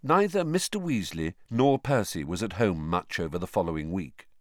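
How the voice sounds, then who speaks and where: A man narrating an audiobook with expressive storytelling. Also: low voice, moderate pace, no echo, clean studio sound. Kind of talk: scripted narration.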